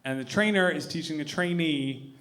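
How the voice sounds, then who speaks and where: A man's voice: fairly high pitch, normal speed, fairly bright tone. A man performing live stand-up comedy, telling a loose story with casual swearing.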